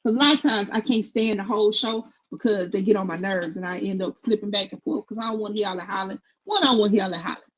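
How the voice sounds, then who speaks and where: A middle-aged woman co-hosting casual commentary, blunt and opinionated in a steady, even tone. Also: medium pitch, racing, hardly any pauses, rough recording. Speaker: co-host.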